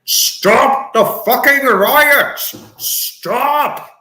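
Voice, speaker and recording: A man's voice: very high voice, pitched above the performer's own voice, exaggerated voice. A man putting on a bellowing, furious old man as an impression of a famous actor. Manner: shouting, drawn-out furious yelling. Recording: echoey room.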